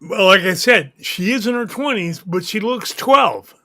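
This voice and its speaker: A man's voice: high-pitched, expressive, unhurried, bright, forceful tone, no echo. A man co-hosting a casual entertainment chat, making blunt, dry quips. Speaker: co-host.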